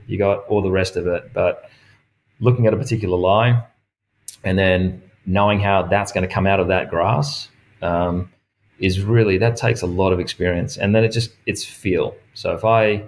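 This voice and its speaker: A man with an Australian accent, a golf pro and coach talking as a guest in a casual interview, telling stories and acting out quoted dialogue with frequent laughs. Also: fairly low pitch. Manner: lively storyteller who acts out quoted dialogue; laughs often while talking.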